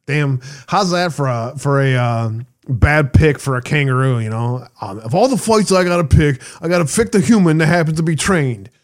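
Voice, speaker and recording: A man hosting an online talk show, reading out news stories with sarcastic asides, laughing and swearing casually. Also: a little high. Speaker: show host.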